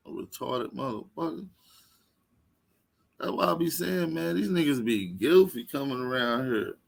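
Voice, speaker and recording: A man's voice: mid-range voice, animated, a little slow, gravelly. A man from Texas, hosting a casual panel show and trash-talking in a brash way. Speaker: host.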